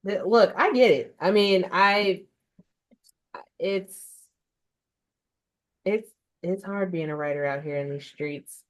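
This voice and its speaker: A woman hosting an interview, bantering casually in a relaxed, slangy way. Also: fairly low pitch, takes it slowly, pauses often. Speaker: podcast host.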